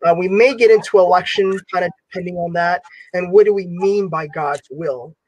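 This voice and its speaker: A man's voice: high voice, a little fast, no echo, poor audio. A man hosting an online Bible class discussion, talking casually with many fillers. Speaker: class host.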